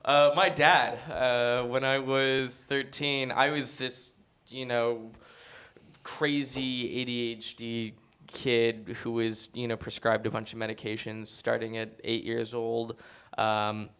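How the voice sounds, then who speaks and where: Young male guest, lively storyteller, smooth clear voice. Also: medium pitch, slow. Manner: animated storyteller, acts out quotes. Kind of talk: casual interview chat.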